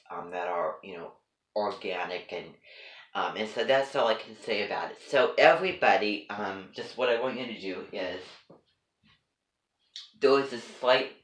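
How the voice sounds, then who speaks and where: A man's voice: lowish voice, a bit bright, roomy sound, poor audio. A man vlogging to camera in a rambling, hesitant way, full of ums and false starts, as if chatting with his viewers. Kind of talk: rambling one-sided chat to camera.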